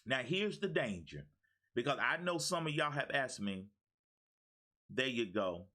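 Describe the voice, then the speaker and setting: A man's voice: medium pitch, sing-song, measured pace, bright, forceful tone. A man who is a life coach, giving a preachy, repetitive motivational talk on a live stream and calling out viewers by name.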